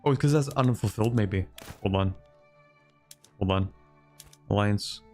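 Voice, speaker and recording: A man streaming a strategy game live, talking to chat and bargaining aloud with computer opponents in an animated, joking way. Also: fairly low pitch, measured pace. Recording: faint music behind.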